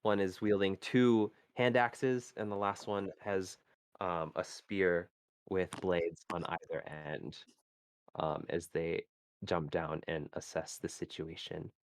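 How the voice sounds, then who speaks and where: Slow, low-voiced man running a tabletop game. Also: steady tone, smooth, no echo. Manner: halting, searching for words. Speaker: game master. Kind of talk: narrating a tabletop game on a live stream.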